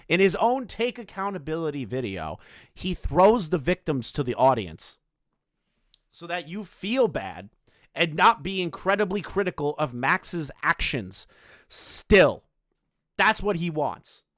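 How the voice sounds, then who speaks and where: A man's voice: a little high, fairly bright tone, no echo, clean studio sound. A man giving sarcastic, mocking reaction commentary, swearing freely as he reacts to a video. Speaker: reaction streamer.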